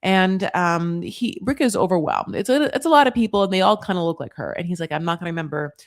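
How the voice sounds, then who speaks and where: Sarcastic, foul-mouthed woman ranting a recap. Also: medium pitch. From United States. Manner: blunt, profane, sarcastic ranting; animated, with many fillers and quick asides. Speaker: reality TV recap host. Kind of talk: casual recap commentary.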